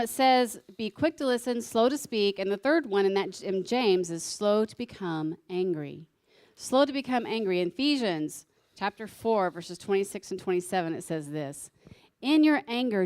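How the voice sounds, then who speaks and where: A woman's voice: mid-range voice, lively intonation, normal speed, darkish tone. A woman giving a sermon alongside her husband, conversational and teasing as she explains scripture.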